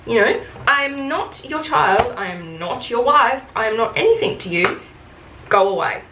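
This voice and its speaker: A woman's voice: fairly high pitch, animated, a little fast, bright, forceful tone, a little hiss or hum. Chatty woman ranting about retail. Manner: chatty and frank, full of fillers and swearing. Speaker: retail worker telling stories. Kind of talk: casual get-ready-with-me rant. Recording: echoey room with faint ambience.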